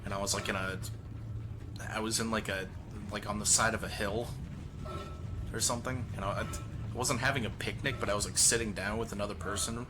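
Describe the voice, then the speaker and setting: A man's voice: fairly low pitch, steady tone, a little fast, over music. A young man streaming, telling rambling crude stories to his chat, laughing often and trailing off. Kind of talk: rambling casual storytelling to a live chat.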